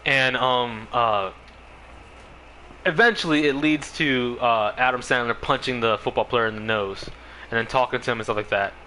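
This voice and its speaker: A male streamer chats casually with his viewers in a bright, forward voice. He rambles, leans on fillers such as "like" and "you know", and laughs often. Faint background noise sits under his speech. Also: mid-range voice, moderate pace, low-quality recording. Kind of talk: casual chat on a game stream.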